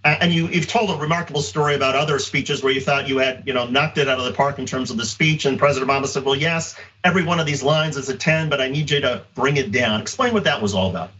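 A man's voice: medium pitch, fast talker, few pauses, pushed and bright, recorded from a distance, muffled recording. A man hosting an interview, asking long, rambling questions full of fillers. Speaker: host. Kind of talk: interview host.

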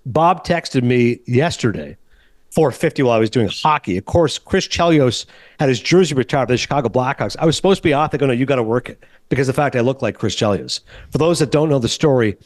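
A man's voice: medium pitch, expressive, dry recording. A Canadian-raised man hosting a podcast, telling stories in casual movie chat. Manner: fast, chatty storytelling. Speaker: podcast host.

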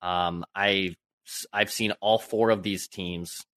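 A man in his late twenties with a low but bright, forceful voice co-hosts a sports show and rants in exasperation. The sound is dry, with no room echo. His pitch climbs as he gets worked up. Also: steady tone, slow. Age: 20s. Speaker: sports radio co-host. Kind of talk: casual sports talk.

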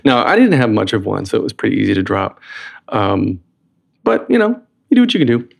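A man's voice: fairly low pitch, huge pitch swings, fairly quick, vocal fry. A man from North Carolina hosting a podcast, chatting casually with a guest and often restarting his sentences. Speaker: podcast host. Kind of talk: casual interview chat.

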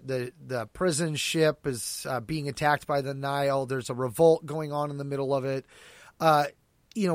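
A man chatting casually as a podcast co-host, animated and laughing often as he acts out quoted lines. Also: on the high side, no echo, clean studio sound. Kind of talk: casual chat about an audio drama.

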